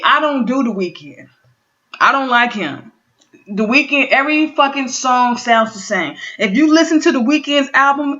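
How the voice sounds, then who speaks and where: Foul-mouthed woman vlogger with a bright voice. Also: a little high. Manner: profane, excitable, talking straight to viewers. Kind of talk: casual rant recapping an awards show. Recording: dull lo-fi home recording.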